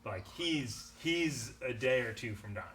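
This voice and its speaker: A man narrating as game master of a tabletop game, halting and restarting often. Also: medium pitch, expressive, fairly bright tone, recorded from a distance. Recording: faint background noise.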